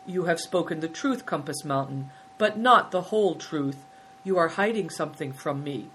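A woman voicing a kindly, wise old male abbot who speaks calmly and benignly. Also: sits low, slight background noise, rough recording. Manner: calm, benign, unhurried.

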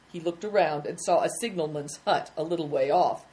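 A woman narrating a children's story in a measured, expressive reading. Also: sits low.

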